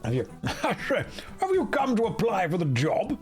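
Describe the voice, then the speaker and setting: A scheming mad doctor, as a streamer puts him on, drawing out each line slowly and theatrically. The voice sits high and swoops up and down as he plots. Soft music plays behind him. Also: wildly swooping pitch, full character voice. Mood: sly questioning. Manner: slow, theatrical, villainous delivery. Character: eccentric mad scientist doctor, older man.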